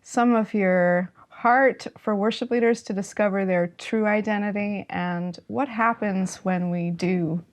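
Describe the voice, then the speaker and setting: A woman hosts a church worship interview series. She greets her guest and asks questions with friendly enthusiasm. Her voice sits at a middle pitch for a woman. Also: steady tone, measured pace, hardly any pauses. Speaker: church worship network host. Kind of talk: interview introduction.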